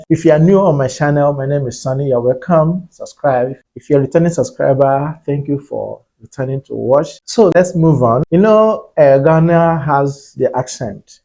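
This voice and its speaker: Mellow Nigerian man chatting to camera. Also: mid-range voice, low-quality recording. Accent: Nigerian English. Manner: chatty, relaxed, many "you know" fillers. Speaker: channel host. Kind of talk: casual vlog monologue.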